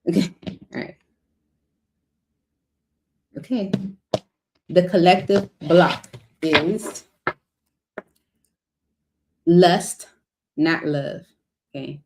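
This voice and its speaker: A woman's voice: on the low side, drawn-out words, pauses often, slight background noise. A middle-aged woman giving a casual tarot reading, chatty and rambling with lots of fillers. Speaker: tarot reader.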